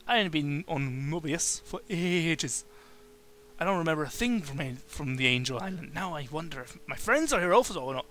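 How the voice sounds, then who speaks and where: Man voicing a nervous chameleon hero, polite and apologetic, stammery, high bright voice. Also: animated, moderate pace, a little hiss or hum. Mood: worried. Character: polite young male chameleon hero, anxious. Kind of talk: reading game dialogue aloud.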